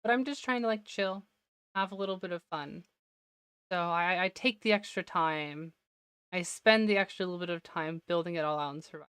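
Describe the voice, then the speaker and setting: A woman streamer chats her way through a building session, talking to herself and laughing often. Her voice sits a little low yet sounds bright and crisp, with a slight wear to it. It is captured dry and close on the mic. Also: normal speed, no echo. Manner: chatty self-talk, laughs often. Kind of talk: casual gameplay commentary.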